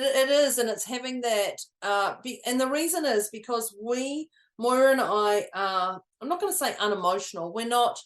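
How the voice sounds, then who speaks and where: A woman's voice: mid-range voice, roomy sound. A woman co-hosting a podcast as a coach, talking in a chatty way and laughing often. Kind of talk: casual chat.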